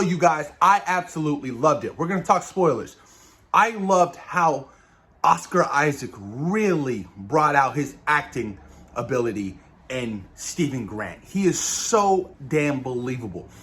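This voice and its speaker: Excited man reviewing an episode. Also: on the high side. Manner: enthusiastic, keeps saying "you guys", swears casually. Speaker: show reviewer. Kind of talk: casual spoiler review.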